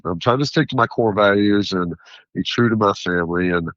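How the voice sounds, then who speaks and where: A man who is a food entrepreneur, a guest on an interview show, talking in a rambling, philosophical and animated way. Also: on the low side, brisk, dry recording, highs cut off. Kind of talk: interview conversation.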